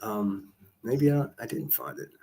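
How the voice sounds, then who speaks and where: A man's voice: lowish voice, big pitch swings, unhurried, gravelly, warm tone. A man, livestreaming in casual chat, rambling with profane jokes and asides.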